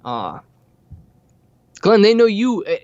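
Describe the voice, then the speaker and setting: A man's voice: high voice, wildly swooping pitch, slow pace, a little mellow, dry recording, highs cut off. A laid-back man co-hosting a market show, joking easily with the host. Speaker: co-host analyst. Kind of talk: casual chat.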